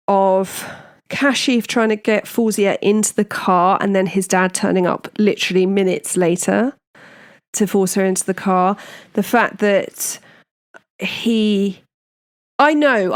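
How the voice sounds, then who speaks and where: Woman doing a true crime podcast, chatty and indignant, lots of opinions. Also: mid-range voice. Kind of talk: casual true crime recap.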